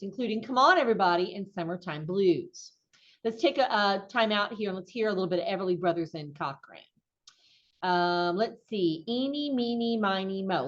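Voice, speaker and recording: A woman's voice: medium pitch, fairly bright tone. A middle-aged woman giving a conversational lecture as an instructor, casual and chatty with frequent ums and restarts. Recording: dull lo-fi recording.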